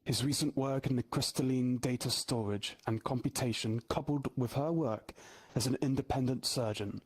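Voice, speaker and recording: A man with a husky, slightly raspy voice narrates an improvised story calmly. His delivery stays even and at a mid pitch. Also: normal speed. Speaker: improv performer.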